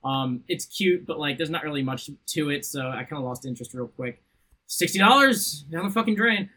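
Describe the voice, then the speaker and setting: A man's voice: a little high, animated, a little fast, sharp tone. A man co-hosting a podcast, joking crudely and laughing often in casual chat. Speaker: podcast co-host.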